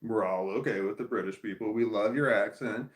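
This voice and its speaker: An American man reads his stream's live chat aloud, rambling, swearing and restarting his sentences in casual livestream talk. His voice is on the low side and fairly quick, and the sound is reverberant.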